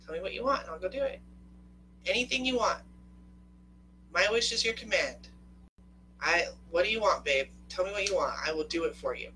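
A woman's voice: lowish voice, lively intonation, normal speed, long pauses, pushed and bright, slight background noise, voice pushed up, low-quality recording. A woman voicing an obliging husband who pleads to be told what his partner wants. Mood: pleading. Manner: pleading, eager to please. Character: eager, obliging adult husband.

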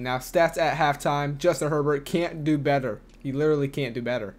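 Man, gaming host, casual video game football commentary, quick play-by-play, slightly high voice, faint hiss behind. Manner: quick play-by-play with filler words and self-corrections.

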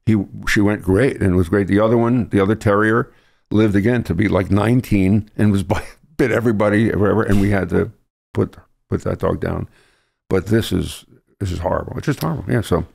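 Lowish gravelly guy rambling through a sad story, broadcaster guest on a podcast. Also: brisk, a little mellow. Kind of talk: casual conversation.

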